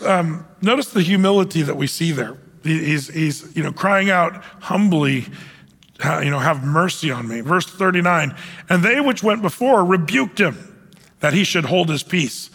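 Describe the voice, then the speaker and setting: A man's voice: fairly high pitch, bright, forceful tone, long reverb tail. A male pastor preaching a conversational sermon and reading scripture aloud, with frequent fillers and restarts.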